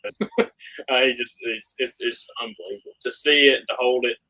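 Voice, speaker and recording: A young man tells his fishing story as an interview guest. His voice is bright and forceful, and he acts out every exchange with animated energy. It comes across as casual, excited talk among anglers. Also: mid-range voice, normal speed, low-quality recording. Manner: animated, reenacts dialogue, laughs often.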